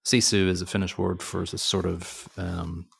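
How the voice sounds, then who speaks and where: A man's voice: sits low, level tone, moderate pace, gravelly, a bit bright, slightly rough. A man co-hosting a movie podcast, chatting in a rambling, jokey way that keeps correcting itself. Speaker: podcast co-host. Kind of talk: casual movie podcast chat.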